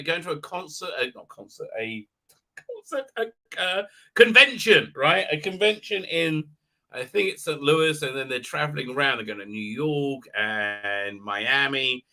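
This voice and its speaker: Middle-aged male livestream host, rambling casual chat, sharp tense tone, slightly high voice. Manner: rambling, animated, with many restarts. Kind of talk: casual live-stream chat, reading viewer comments.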